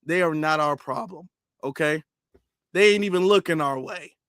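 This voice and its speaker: A man's voice: a little high, moderate pace, fairly bright tone, no echo, clean studio sound. A man doing emphatic live-stream commentary, repeating himself and firing rhetorical questions. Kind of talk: live-stream commentary reading super chats.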